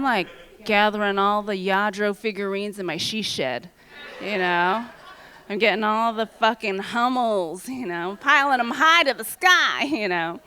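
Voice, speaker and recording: A woman's voice: medium pitch, animated, a little slow, bright, forceful tone. A woman doing a rambling stand-up comedy set on a theater stage, with lots of filler words, into a handheld mic. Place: theater stage with live audience.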